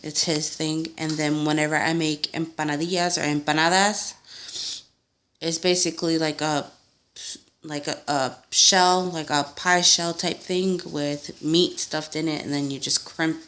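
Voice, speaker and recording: A woman's voice: low-pitched, level tone, unhurried, a bit bright. A young woman at home, chatting casually through a tag video, full of fillers and little laughs, acting out what people said. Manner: chatty, lots of fillers and laughs, acts out quotes. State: sick. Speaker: vlogger.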